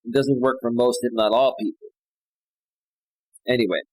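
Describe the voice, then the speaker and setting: A man's voice: mid-range voice, fairly even intonation, moderate pace, darkish tone, dry recording, rough recording. A man hosting a livestream as a life coach, reading out posts and giving blunt, opinionated advice with many fillers and tag questions.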